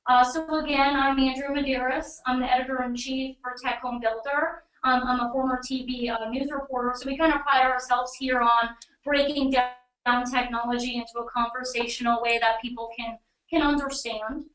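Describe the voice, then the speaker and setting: A woman's voice: high-pitched, fairly even intonation, moderate pace, fairly bright tone. A woman with a New England accent hosting a webcast in a conversational, upbeat way. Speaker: webcast host and editor. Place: office or studio room beside a colleague. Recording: echoey room, mic at a distance.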